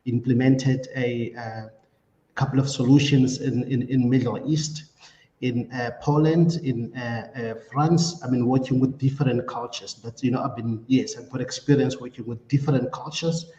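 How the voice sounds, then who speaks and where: A man from South Africa answers interview questions in a mellow, dark voice, hesitating with halting fillers. His audio sounds dull and roomy, with a long echo tail. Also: medium pitch, steady tone. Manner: hesitant, many fillers and restarts. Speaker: job candidate. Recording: echoey dull room sound.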